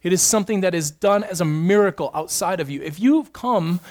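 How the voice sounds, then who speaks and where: A man with a fairly high voice delivers a sermon with earnest conviction. He presses each point by repeating phrases, rising in emphasis as he builds. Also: fairly quick, a little mellow. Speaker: pastor.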